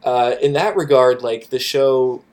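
Florida guy on a podcast, rambly and sweary, lots of likes and ums, mid-pitched voice. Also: unhurried, a little mellow. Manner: profane, rambling, lots of fillers and restarts. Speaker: podcast guest. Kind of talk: casual podcast chat.

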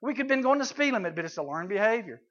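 A man's voice: high-pitched, very animated, rapid-fire, fairly bright tone. A middle-aged man teaching youth in a folksy way, telling stories with sound effects and voices. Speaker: camp speaker. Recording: dull lo-fi recording.

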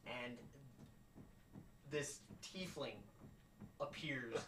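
A man's voice: medium pitch, extremely slow. Game master, man, rambling narration, far from the mic, faint hiss. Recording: roomy, distant home mic with faint noise.

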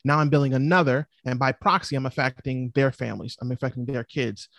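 Animated male podcast guest. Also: medium pitch, brisk, creaky, dry recording. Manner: animated, lively storytelling. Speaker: real estate investor guest. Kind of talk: casual interview chat.

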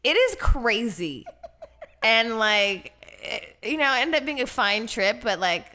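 A middle-aged woman telling a profane, animated story in casual chat. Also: fairly high pitch, unhurried.

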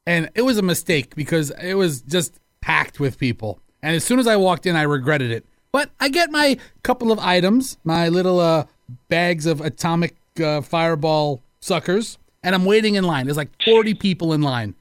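Animated male radio co-host. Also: a little high, normal speed, smooth, no room sound. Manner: animated storyteller acting out quoted people. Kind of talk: storytelling on a morning radio show. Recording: dry studio sound.

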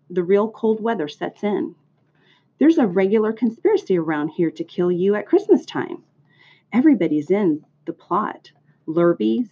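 A woman's voice: mid-range voice, slightly rough. A woman doing a blunt, gloomy old sheep. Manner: matter-of-fact, blunt. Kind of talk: reading a storybook aloud. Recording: dull lo-fi recording.

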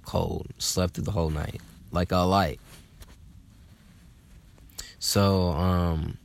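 A young man from telling a casual, animated story, swearing freely and using lots of fillers. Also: sits low, very slow, gravelly. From Atlanta, USA. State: slightly hungover.

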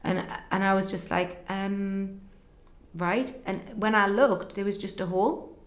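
A young woman, a guest in an interview, earnestly tells a personal story and acts out conversations in quick back-and-forth. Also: medium pitch, steady tone. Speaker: guest telling her story. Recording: roomy echo.

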